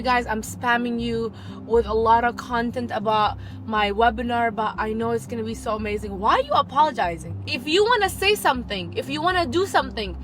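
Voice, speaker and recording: A young woman giving casual business advice in a vlog, expressive and animated, talking from inside a car. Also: on the high side, poor audio. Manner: animated, expressive, shifts into playful voices. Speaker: business coach and content creator.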